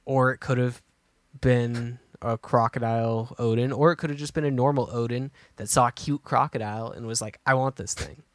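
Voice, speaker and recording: A man's voice: mid-range voice, steady tone, moderate pace, no room sound. A man co-hosting a podcast, chatting casually and thinking aloud as he goes, with many restarts. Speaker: podcast co-host. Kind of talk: casual chat.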